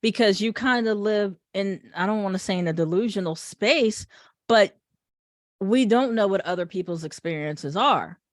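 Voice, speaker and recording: A woman's voice: mid-range voice, moderate pace, no echo, clean studio sound. A woman hosting a discussion panel, backing up the guests and asking them questions. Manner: affirming, asks questions.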